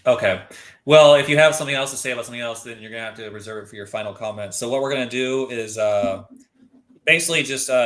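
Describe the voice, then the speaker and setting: A man's voice: medium pitch, fairly bright tone. A man hosts an online debate, steering the talk and giving each guest the floor. His delivery is loose and informal, with a mid-range voice. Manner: directs turns, loose and informal. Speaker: debate moderator and host. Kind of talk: moderating an online discussion.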